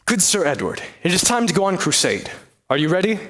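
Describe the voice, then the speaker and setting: A young man performing a one-man comedy play, with a hammy, exaggerated delivery and sudden pitch swings. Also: very animated, brisk, noisy background. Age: young adult. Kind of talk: theatrical one-man comedy, many voices.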